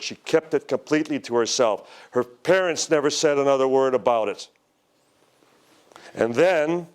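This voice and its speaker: An older man tells a story to a conference audience, unhurried and measured. His pace is slow and he lets the tension build. He quotes the people in the story with dramatic emphasis. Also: mid-range voice, clear, resonant tone. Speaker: speaker at a UFO conference. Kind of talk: storytelling lecture. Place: lecture hall.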